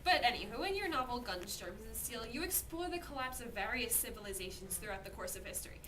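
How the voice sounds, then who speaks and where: A woman's voice: on the high side, fast talker. A woman acting as a mock-earnest interviewer in a comedy sketch, heard from a distant mic with noise behind. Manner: mock-earnest, lively questioning.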